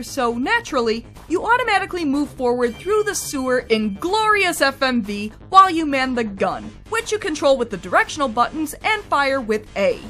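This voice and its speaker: A woman's voice: sits high, bright, forceful tone. A woman narrating a scripted game review in a wry, chatty way.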